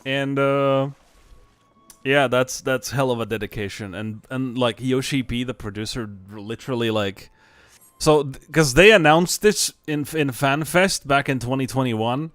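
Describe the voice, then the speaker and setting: Young man, game streamer, casual chat, swears a lot, laughs often, dry sound, soft music underneath. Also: medium pitch, unhurried, clear, resonant tone, no room sound.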